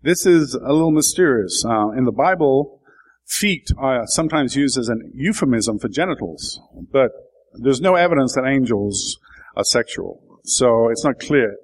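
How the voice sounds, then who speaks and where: A man's voice: mid-range voice, expressive, measured pace, low-quality recording. A man giving a sermon, explaining scripture in a thoughtful way and building to emphatic bursts. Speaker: preacher.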